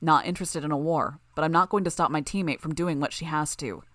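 Audiobook: level-headed young male lead, read by a woman, calm and low. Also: quick pace, no echo. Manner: calm, even. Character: calm steady young male team spokesman.

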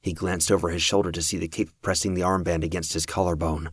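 A man reading a novel aloud as an audiobook narrator, with steady, even storytelling. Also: low voice, fast, husky, no room sound, clean studio sound.

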